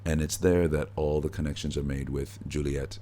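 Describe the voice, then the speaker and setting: A middle-aged actor, a guest in an interview, telling stories in a relaxed way with easy laughs, recorded backstage at a theatre. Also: male voice, very deep voice, moderate pace. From United States. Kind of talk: conversational interview.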